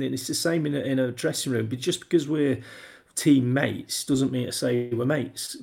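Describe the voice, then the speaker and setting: A man with a gravelly, creaky voice talks casually in an interview. He tells stories as a former footballer, looping back, restarting and acting out what people said. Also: mid-range voice, darkish tone. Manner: rambling, with many restarts and acted-out quotes. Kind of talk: casual anecdotal interview talk.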